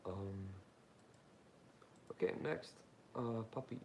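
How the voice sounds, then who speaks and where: Young male streamer, lowish gravelly voice, loose rambling chat full of fillers, talks straight to his viewers. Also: measured pace, pauses often, a little hiss or hum. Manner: rambling and informal, with frequent fillers; talks straight to viewers, asking them questions. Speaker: YouTuber hosting a live Q&A. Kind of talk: casual livestream chat, answering viewer comments.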